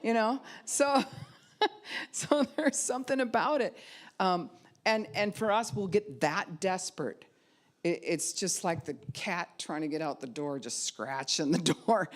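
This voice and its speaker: A woman pastor with a lowish voice preaches a sermon, acting out the voices she quotes and sometimes dropping to a soft hush.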